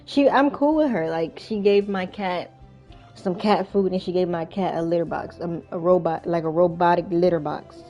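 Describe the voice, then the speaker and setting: A woman's voice: fairly low pitch, normal speed, dark tone, highs cut off, faint music behind. A young woman vlogger casually telling a rambling story from her workday, full of fillers and restarts. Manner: chatty, rambling, frequent fillers. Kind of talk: casual storytime while playing a game.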